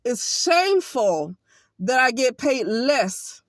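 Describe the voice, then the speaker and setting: A high-pitched woman talks bluntly and emphatically in a casual vlog monologue. She speaks as an occupational therapist from Alabama, and her speech is peppered with profanity. The recording is dry and close. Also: very animated, slow pace, dry recording.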